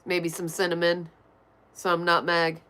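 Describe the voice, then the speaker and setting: A woman's voice: on the low side, monotone, measured pace, fairly bright tone, clear, resonant tone. A woman with a nasal voice, chatting casually on a livestream and answering viewer messages as she reads them. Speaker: livestream host. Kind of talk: casual livestream chat, reading chat.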